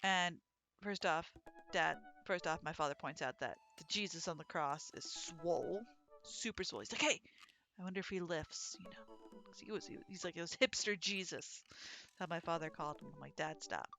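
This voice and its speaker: A woman playing a dating game on stream, chatting and telling stories in an animated, casual way. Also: on the low side, moderate pace, faint music behind. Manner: animated, chatty, swears and laughs. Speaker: let's play streamer. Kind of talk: casual gameplay commentary and storytelling.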